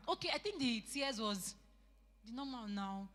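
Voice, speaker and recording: A woman's voice: a little high, lively intonation, moderate pace, fairly bright tone. Chatty young Nigerian woman in a reverberant hall. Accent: Nigerian English. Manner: chatty, laughing, rambling. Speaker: meeting moderator and questioner. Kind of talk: church youth meeting. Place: large church hall.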